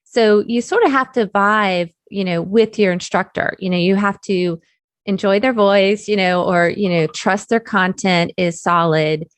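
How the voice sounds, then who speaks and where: A woman with a Southern US accent, a guest chatting in an interview, talking faster with lots of "you know" fillers as she gets excited. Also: mid-range voice, clean tone, no room sound. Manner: chatty, speeds up when excited, many fillers. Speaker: guest, technical curriculum developer. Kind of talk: casual interview talk.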